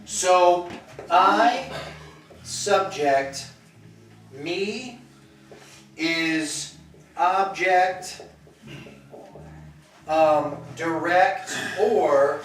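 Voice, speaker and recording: A man teaching a class, talking slowly and chattily and acting out little example sentences. His voice sits a bit high for a man. He is recorded from across an echoey classroom with some faint room noise. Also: a bit bright. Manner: chatty, explains with acted examples. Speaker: language teacher. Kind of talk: classroom lecture. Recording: echoey classroom, mic far off.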